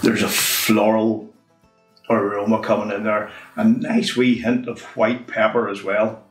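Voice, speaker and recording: A man talks through a whisky tasting in a relaxed, chatty way. His voice sits fairly low. The recording sounds roomy and distant, with faint music underneath. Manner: chatty, unhurried, says "wee" often. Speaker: whisky reviewer. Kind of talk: casual review monologue.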